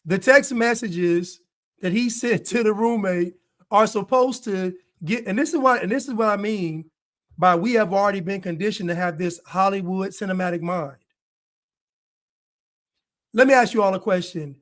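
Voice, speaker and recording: A man's voice: sits high, moderate pace, fairly bright tone. A man giving video commentary, hammering points with repeated rhetorical questions. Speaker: online commentator.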